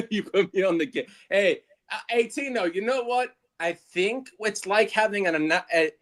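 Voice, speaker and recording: A man's voice: high voice, normal speed. A man co-hosting a watch party, rambling in casual chat. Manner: rambling, restarts a lot. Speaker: co-host.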